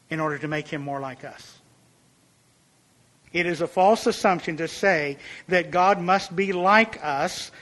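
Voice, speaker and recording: Man, high voice, earnest sermon delivery, emphatic preacher. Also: fairly bright tone. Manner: earnest, emphatic, rises in pitch and volume for illustrations.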